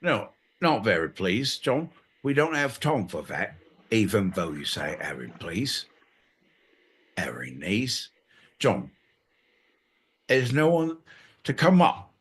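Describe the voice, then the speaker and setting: A man's voice: mid-range voice, big pitch swings, unhurried, husky. A man co-hosting a podcast, bantering casually, swearing and teasing with exasperation. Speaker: podcast co-host.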